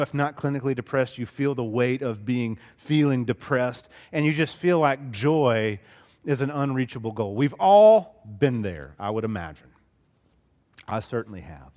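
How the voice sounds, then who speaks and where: A middle-aged Southern pastor delivers an earnest sermon, his pitch rising and falling in lively arcs. He leans into big emphatic lines and then drops to near-whispered asides. A long hall reverb trails every phrase. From Southeast Alabama, US. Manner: earnest, expressive preaching, swings between loud and hushed.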